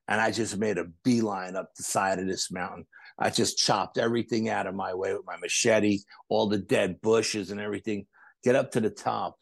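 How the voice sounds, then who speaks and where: A man, a podcast guest, telling animated stories in a casual interview and acting out other people's quotes. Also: on the low side, gravelly, no room sound. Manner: animated anecdotes with acted-out quotes. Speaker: podcast guest, paranormal investigator.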